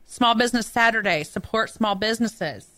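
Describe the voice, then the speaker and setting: A woman's voice: on the high side, sharp tone, dry recording. Teasing woman radio co-host. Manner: quick reactive interjections, teasing. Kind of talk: casual on-air banter.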